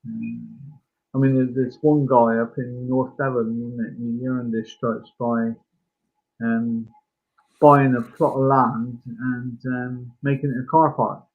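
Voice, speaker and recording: Man, podcast co-host, casual film chat, halting with many fillers, tinny phone-like sound. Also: medium pitch, little pitch movement.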